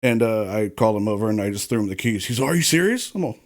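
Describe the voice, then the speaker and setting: Speaking fast in a lowish, darkish voice with fairly even intonation, a man who once worked on film crews chats casually on a podcast. His long, rambling stories are full of profanity.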